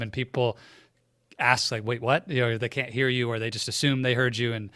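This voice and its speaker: A male podcast host with a mid-pitched voice speaks in a reflective, conversational way. He frames long questions for his guest. The room sounds dry and close to the mic. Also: fairly bright tone, no echo. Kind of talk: podcast interview.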